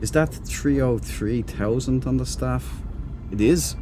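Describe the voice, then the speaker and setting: A man's voice: mid-range voice, slow pace, background noise. A man streaming a game, chatting loosely with viewers, rambling and laughing easily. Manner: rambling, chatty, reads and answers chat. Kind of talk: casual live-stream chat.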